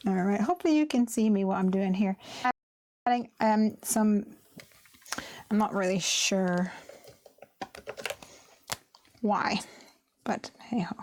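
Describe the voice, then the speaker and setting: A woman's voice: mid-range voice, unhurried, pauses often, a little mellow. A woman hosting a card making live stream, chatting and telling stories with frequent laughs. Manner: chatty storytelling, laughs often. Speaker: craft live stream host. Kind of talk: casual chat while card making.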